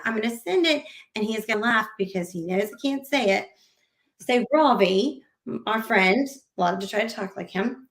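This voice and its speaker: A woman's voice: mid-range voice, fairly bright tone. A woman hosting a podcast, talking casually and animatedly, often acting out quoted conversations. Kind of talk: casual interview chat. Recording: roomy echo.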